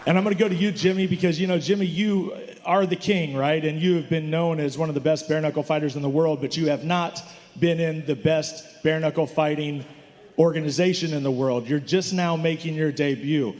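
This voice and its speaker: A man's voice: a little high, steady tone, brisk, darkish tone, big-room sound, a faint crowd. A man hosting a fight press conference, asking fighters questions in an enthusiastic, hyping manner. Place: hotel conference hall.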